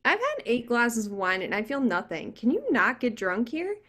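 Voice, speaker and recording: A woman's voice: on the high side, big pitch swings, moderate pace, a bit bright. A woman reading a brash, drunk young woman in the afterlife, sarcastic and slurring, at a video call table read.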